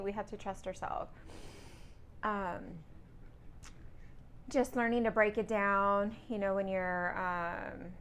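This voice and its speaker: A woman's voice: mid-range voice, slight background noise. A woman talking in a casual vlog about her truck driving lessons, rambling and correcting herself as she goes.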